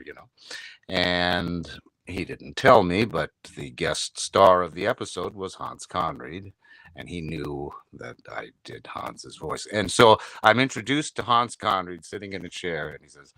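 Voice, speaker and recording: A man's voice: deep voice, expressive, unhurried, vocal fry, bright, forceful tone, no room sound, rough recording. A man who does voice work, telling anecdotes in a casual reunion chat from his home studio, with frequent restarts. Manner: anecdotal, many restarts, slips into impressions. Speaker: voice actor guest. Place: home recording setup. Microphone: home studio microphone.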